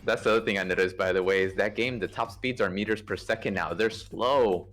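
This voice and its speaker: Coordinating a space game play-test on voice chat, this man talks briskly in a fairly low pitch, faint music behind him. He walks through maneuvers in a relaxed, teaching way, full of fillers and false starts.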